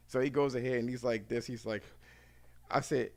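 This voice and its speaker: A man hosting a podcast, telling a lively and profane story in casual chat. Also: medium pitch, normal speed, creaky, faint music behind. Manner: profane, animated, acts out the people in his stories. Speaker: podcast host.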